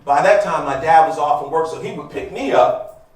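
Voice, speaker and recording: A man's voice: a little high, normal speed. An American man in his fifties telling a personal story on a live stage, speaking conversationally and with emphasis, and addressing the audience directly. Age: 50s. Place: live event venue, large room. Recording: echoey hall, voice heard from a distance.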